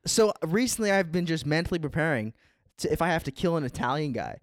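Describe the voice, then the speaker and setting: A man's voice: fairly high pitch, sing-song, fast talker, no echo, clean studio sound. A young man chatting casually as a podcast co-host, rambling and laid-back, with lots of "like" and "dude". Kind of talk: casual chat.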